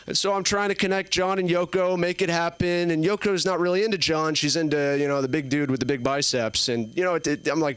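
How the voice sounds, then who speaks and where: A man's voice: on the high side, fairly even intonation, brisk, a bit bright, clear, resonant tone, no room sound. A man in his early twenties performing a stand-up set on a comedy club stage, telling stories in a rambling way with lots of fillers. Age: early 20s. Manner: rambling, filler-heavy storytelling.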